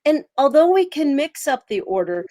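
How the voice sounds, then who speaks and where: A woman co-hosting a wellness talk, explaining steps in a slow, deliberate way. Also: high voice, sing-song, mellow, no room sound, studio quality.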